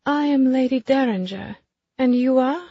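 A woman voicing a cold, spiteful society woman with a delicate voice that stays gentle while she threatens. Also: sits high, moderate pace, breathy edge, no echo, dull audio, pitched above the performer's own voice. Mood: sneering. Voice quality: delicate, sweetly menacing.

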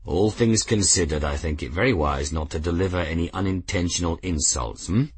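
A man voicing a grave, courteous male captain who speaks in a measured way. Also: sits low, husky, dry recording, voice pushed down.

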